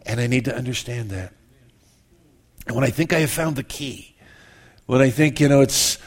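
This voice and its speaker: A man in his fifties preaching a sermon in a church, conversational and self-mocking, swinging from loud exclamations to hushed confessions. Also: mid-range voice, moderate pace, pauses often. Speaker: pastor.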